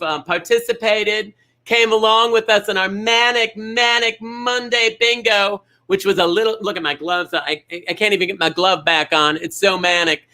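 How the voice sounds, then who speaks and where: A man's voice: high voice, bright, forceful tone. Campy gushing male bingo host. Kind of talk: upbeat bingo livestream chat.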